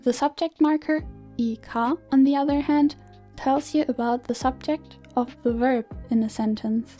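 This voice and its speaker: A woman teaching a Korean grammar lesson in clear, measured scripted narration. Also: high-pitched, fairly even intonation, warm tone, soft background music.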